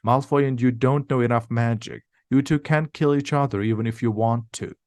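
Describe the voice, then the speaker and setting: A man's voice: mid-range voice, fairly even intonation, normal speed, a little mellow, no room sound, studio quality, natural voice. A man reading as a blunt, impatient schoolboy wizard.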